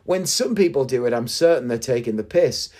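A man's voice: mid-range voice, animated, fairly quick, darkish tone. A man telling a story as a casual monologue in an indignant, sarcastic ranting way. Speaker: podcast host.

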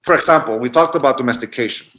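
Bright-voiced man telling a story. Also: mid-range voice, rapid-fire. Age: 40s. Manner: anecdotal, restarts mid-thought. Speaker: guest speaker. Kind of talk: reflective storytelling talk.

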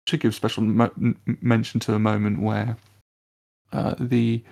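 A man's voice: on the low side, flat delivery, moderate pace, gravelly, darkish tone. A man co-hosting a film podcast, reviewing a score in casual chat with many restarts. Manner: hesitant, many restarts and fillers. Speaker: podcast co-host.

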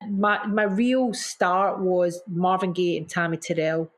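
A woman's voice: lowish voice, steady tone, takes it slowly. Gushing middle-aged woman telling stories. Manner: effusive, gushing, repeats herself and restarts; acts out quotes with gasps and mimicry. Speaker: singer, interview guest. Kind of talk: casual storytelling in an interview.

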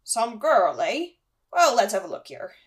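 A woman voicing a big, hearty male half-giant groundskeeper who talks in a loud, bluff, homely way in a tabletop game. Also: fairly high pitch, big pitch swings, measured pace.

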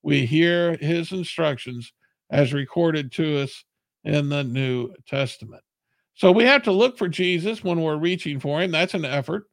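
A man's voice: fairly high pitch, measured pace, creaky, dry recording. A man preaching a sermon in an earnest, plain-spoken way.

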